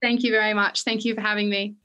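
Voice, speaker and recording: Bright-voiced young Australian woman. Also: mid-range voice, level tone, low-quality recording. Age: 20s. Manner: halting, many fillers and restarts. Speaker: guest athlete. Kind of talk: interview, personal recollection.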